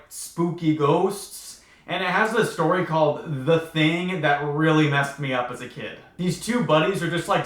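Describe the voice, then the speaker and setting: A man's voice: a little high, fairly bright tone. Chatty young man in an echoey room. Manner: chatty, heavy use of 'like', wry. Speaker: book commentary youtuber. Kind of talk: casual commentary.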